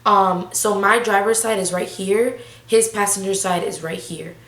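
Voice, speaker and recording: A woman's voice: mid-range voice, fairly even intonation, unhurried, a bit bright, roomy sound. An eighteen-year-old woman telling a storytime vlog in a casual, slangy, breathless way. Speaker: vlogger.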